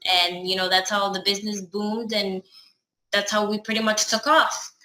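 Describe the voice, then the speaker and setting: A woman's voice: mid-range voice, flat delivery, moderate pace, echoey room, background noise. A woman chatting casually through a personal story, acting out the dialogue as she goes. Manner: chatty, acts out her own and others' dialogue.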